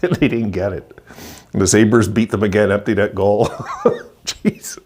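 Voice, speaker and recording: A man in his sixties giving an excited, chuckling postgame rant as a hockey vlogger, repeating himself for emphasis. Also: fairly low pitch, moderate pace, a little hiss or hum. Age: 60s. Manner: gleeful, chuckling, emphatic repetition.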